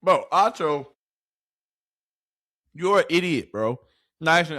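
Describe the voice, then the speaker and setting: A man's voice: a little high, normal speed, long pauses, bright, forceful tone, no echo, clean studio sound. A man giving casual sports reaction commentary, heated and mocking, with plenty of profanity.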